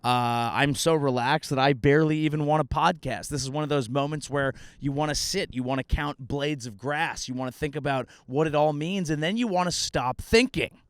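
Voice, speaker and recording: Sarcastic rambling comedian, dry sound. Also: male voice, fairly high pitch, moderate pace, few pauses, no echo. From California. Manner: sarcastic, rambling, bursts into shouting. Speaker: comedian podcast host. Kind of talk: comedic monologue. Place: outdoors in a grassy meadow.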